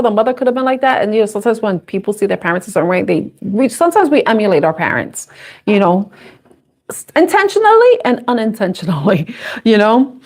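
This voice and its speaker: A young adult woman doing a live intuitive tarot reading, chatty and casual, laughing often and swearing freely. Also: fairly high pitch. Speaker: tarot reader.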